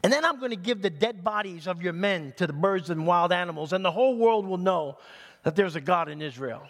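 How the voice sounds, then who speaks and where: A man preacher voicing a bold young shepherd boy who trash-talks a giant and defies him, rising to a shout. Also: high-pitched, expressive, a little fast. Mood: defiant. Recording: long hall reverb.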